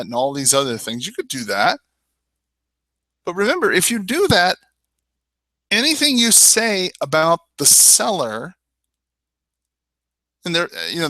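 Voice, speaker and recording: A man's voice: a little high, bright, forceful tone, dry recording. A man coaching real estate agents in a webinar, emphatic and persuasive. He talks straight to the listener and often says "I mean" and "you know". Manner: addresses listener directly with rhetorical questions. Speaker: real estate sales trainer.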